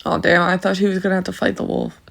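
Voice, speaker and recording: A man's voice: sits high, monotone, fast talker, creaky, fairly bright tone. A man playing through a story game, breaking off for casual, rambling asides. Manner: rambling, self-interrupting asides. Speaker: story game player and reader. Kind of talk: casual commentary between story lines.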